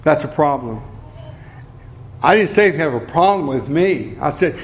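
Male preacher, middle-aged, fairly high voice, earnest sermon delivery with emphatic repeats. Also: animated, gravelly, slight background noise. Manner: earnest, slows down for emphasis, repeats key phrases.

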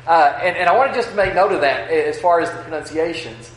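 A man with a West Texas accent delivers a sermon in a church with a faint hum behind him. His voice sits a bit high and he talks in a halting, folksy way, full of fillers and restarts. The room gives every word an echo. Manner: hesitant, many uh fillers and restarts, folksy asides. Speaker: preacher. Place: church sanctuary.

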